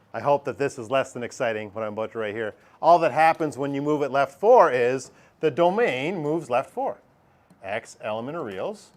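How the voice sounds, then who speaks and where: Joking conversational male math teacher. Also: mid-range voice. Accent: Canadian. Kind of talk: classroom lesson. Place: classroom.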